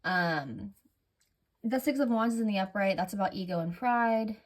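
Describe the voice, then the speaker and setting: A woman's voice: medium pitch, animated, moderate pace. A woman running a casual tarot reading, rambling and correcting herself often, audibly breathing heavily. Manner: rambling, filler-heavy, self-correcting. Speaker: tarot reader.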